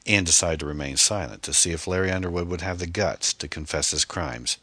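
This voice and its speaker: A man reading a novel aloud as an audiobook narrator in a steady, even-paced way. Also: low-pitched, brisk, breathy edge, dry recording.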